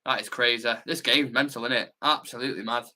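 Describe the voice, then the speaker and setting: A young man, hosting a football watch-along live stream, chatting excitedly, reading comments aloud and swearing casually. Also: mid-range voice, quick pace.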